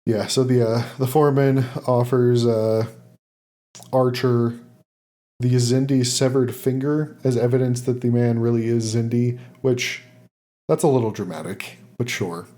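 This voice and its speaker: Mellow-voiced man recapping casually. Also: mid-range voice, steady tone, unhurried. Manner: recaps plot loosely with many fillers and laughs. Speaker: podcast host summarizing an episode. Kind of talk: casual podcast chat.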